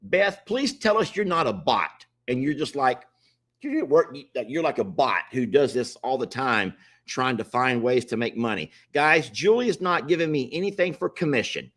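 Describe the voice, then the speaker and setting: A man's voice: mid-range voice, sing-song, moderate pace, a bit bright. A man casually hosting a livestream, chatting and pleading with viewers to join. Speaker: livestream host.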